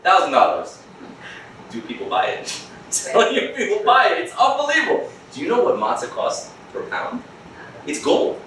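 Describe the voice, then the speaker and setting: A rabbi giving a lively, joking class at a school, acting out quick voices of other people as he teaches. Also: high-pitched, recorded from a distance, a little hiss or hum. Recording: echoey room, mic from afar.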